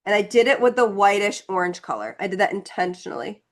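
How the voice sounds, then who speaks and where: A woman teaches a live painting class online, her voice sitting at an ordinary middle pitch. She chats easily as she mixes colors and demonstrates, reassuring students as she goes. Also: lively intonation, fast talker. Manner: chatty, encouraging, talks while demonstrating. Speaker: painting instructor.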